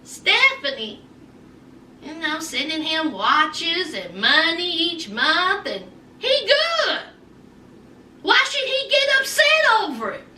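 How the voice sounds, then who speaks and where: A sassy woman chats through a TV recap, her voice very high and lively as it swoops around. She talks slowly and takes her time over each line. She sounds echoey and a little distant from the mic. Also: slight background noise. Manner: sassy, animated storytelling with quoted voices. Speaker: recap vlogger. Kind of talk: casual TV recap chat.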